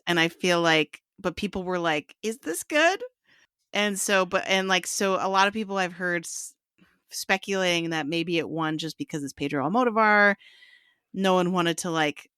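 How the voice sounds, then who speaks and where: A woman's voice: fairly low pitch, a bit bright, clean tone, no echo, clean studio sound. A woman co-hosting a podcast in casual chat, talking in a chatty, hedging way full of filler words. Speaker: podcast co-host.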